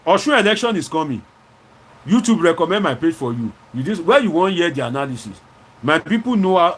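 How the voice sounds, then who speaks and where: Animated Nigerian man hosting a stream. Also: fairly high pitch, brisk, a little hiss or hum. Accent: Nigerian English. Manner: animated, switching into Pidgin phrases. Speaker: host. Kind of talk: live-stream commentary reading viewer comments.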